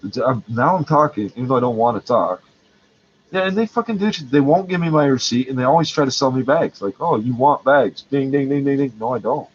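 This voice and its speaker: A man's voice: medium pitch, lively intonation, fast talker, muffled recording, slight background noise. A man in pain, ranting in a rambling, heated and profane way. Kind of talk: angry rambling rant.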